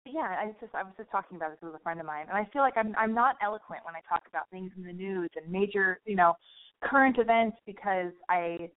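A woman's voice: medium pitch, fast talker. A woman with a Californian Valley girl accent hosting a podcast, talking casually with lots of swearing, restarts and rambling asides. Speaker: podcast host. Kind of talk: casual monologue. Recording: phone-like thin sound.

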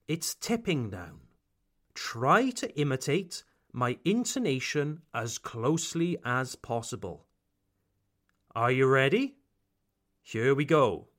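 A British man hosting a language lesson podcast, speaking slowly and emphatically like a teacher and drawing out example phrases. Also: mid-range voice, fairly bright tone. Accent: British English. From Britain. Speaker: English teacher, podcast host.

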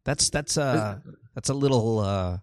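A man's voice: mid-range voice, normal speed, a little mellow, dry recording, clean studio sound. A man hosting a casual call-in show, joking and swearing, dropping Tagalog phrases into his talk. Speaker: host.

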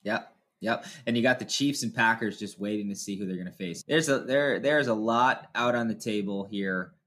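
A man's voice: lowish voice, moderate pace, sharp tone. A man hosting a casual sports podcast, upbeat and chatty with lots of filler words. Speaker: podcast host.

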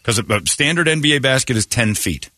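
Male morning radio host, bright, animated, joking, in a dry studio. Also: mid-range voice, quick pace, no room sound. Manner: loose, joking, rambling. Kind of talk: casual morning radio banter.

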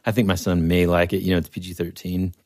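A man's voice: sits low, level tone, quick pace, a little mellow, no echo, studio quality. A middle-aged man co-hosting a podcast, chatting casually and enthusiastically about movies, often saying "man" and "dude". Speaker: podcast co-host. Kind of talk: casual chat.

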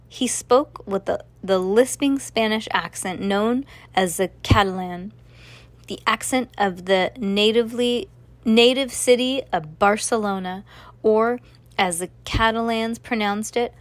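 A woman's voice: medium pitch, unhurried, no echo. A woman reading a children's novel aloud, with casual asides between passages. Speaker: reader.

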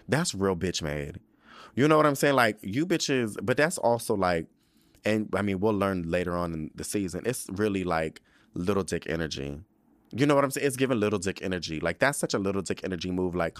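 A young man with a fairly low voice dishes on a TV episode like he's gossiping with a friend, sassy and profane. His delivery is animated and full of attitude. The sound is dry and close, with almost no room around him. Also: brisk, no room sound. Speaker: podcast host recapping a TV episode. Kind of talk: casual recap monologue.

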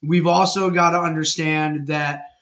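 A man co-hosting a casual conversation, speaking in a thoughtful, halting way as he searches for words. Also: on the high side, fairly even intonation, fairly bright tone. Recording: roomy echo.

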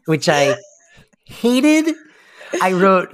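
A woman's voice: sits low, expressive, normal speed. A woman co-hosting a podcast, chatting casually about a sitcom episode with playful asides and frequent laughter. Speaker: podcast co-host.

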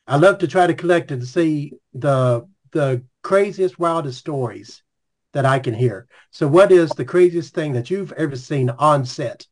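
A man hosting a podcast, asking a guest questions in a halting way with many restarts. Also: a little high. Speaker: podcast host. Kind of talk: casual interview questions.

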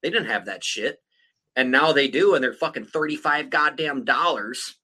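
A man's voice: medium pitch, lively intonation, normal speed, sharp tone, slightly rough, low-quality recording. A man in his thirties hosting a podcast, rambling in casual chat with heavy swearing. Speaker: podcast host.

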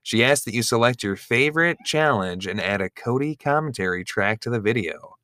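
A man's voice: mid-range voice, lively intonation, brisk, pushed and bright, dry recording, studio quality. A man co-hosting a podcast, chatting casually in a playful, teasing way. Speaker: podcast co-host. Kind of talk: casual banter.

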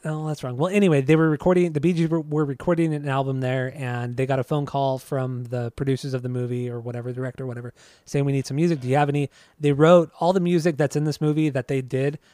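A man co-hosting a casual podcast chat, relaxed and rambling, often restarting his sentences. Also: medium pitch, fast, no room sound, clean studio sound. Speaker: podcast co-host.

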